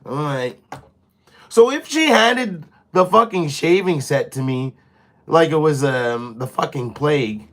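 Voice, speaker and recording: A young man casually telling a story on his live stream, profane and animated, slipping into quoted voices. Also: on the high side, takes it slowly. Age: young adult.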